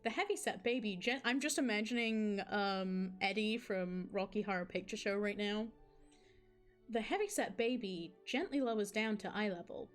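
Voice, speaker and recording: A woman streaming a game live, reading the story aloud and chatting with viewers in a casual, laughing way. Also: medium pitch. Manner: chatty, laughs, asides to chat.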